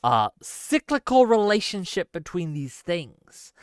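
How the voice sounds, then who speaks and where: A man's voice: high-pitched, sing-song, slow, clean tone, no echo. A male streamer talking straight to his live chat, emphatic and given to heated, swearing rants with asides to the audience. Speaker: streamer host.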